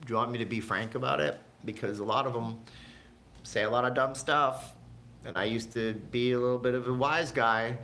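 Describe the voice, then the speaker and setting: A man's voice: medium pitch, fairly even intonation, normal speed, bright, forceful tone, a little hiss or hum. A middle-aged man from Canada hosting a casual livestream from home, reading viewer comments in a rambling, joking, chatty way. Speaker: livestream host.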